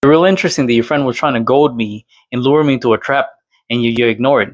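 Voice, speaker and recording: A man's voice: mid-range voice, quick pace, noisy background. A man hosting his own channel, ranting to camera in a casual, exasperated way and firing off rhetorical questions. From Latin America. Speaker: channel host responding to another creator.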